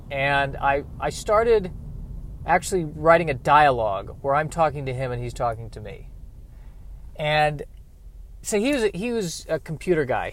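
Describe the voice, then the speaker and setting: A grieving man with a medium-pitched voice delivers a reflective personal monologue, halting and rambling, with self-deprecating asides.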